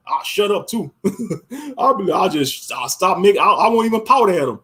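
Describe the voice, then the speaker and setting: A man with a voice pitched a bit higher than most goes on a loose, rambling rant. He talks in heavy slang, stops to correct himself and jumps from loud, emphatic bursts to quiet mutters. He is from the United States and speaks as an online commentator. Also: sing-song, brisk.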